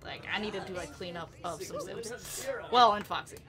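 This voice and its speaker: A young woman casually commenting on her life-simulation game, chatty and giggly, often laughing and calling out loudly at what happens on screen. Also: on the low side, normal speed, music in the background. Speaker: gameplay commentator. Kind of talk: casual let's-play commentary.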